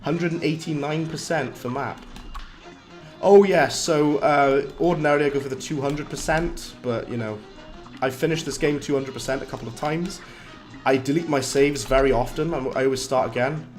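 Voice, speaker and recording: A man with a slightly hoarse voice, chatting casually while livestreaming a game, reading chat aloud and laughing often. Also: fairly high pitch, normal speed, faint music behind. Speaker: livestreaming gamer. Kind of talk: casual live-stream commentary.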